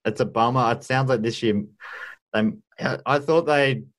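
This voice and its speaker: A man's voice: medium pitch, normal speed. A man hosting a podcast, chatting casually with wry, rambling asides. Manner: rambling, self-interrupting, wry. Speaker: podcast host. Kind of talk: casual chat.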